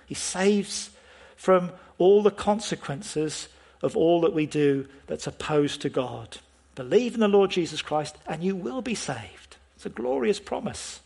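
Preacher, male, husky slightly high voice, earnest sermon delivery full of questions to the congregation. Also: lively intonation, a little slow, darkish tone. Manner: earnest, asks the listeners questions, stresses key words.

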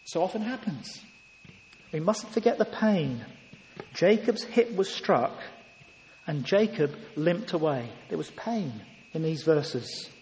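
A man's voice: high voice, a little mellow, slight background noise. A man preaching a sermon in church, earnest and full of rhetorical questions. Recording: echoey hall, heard from a distance.

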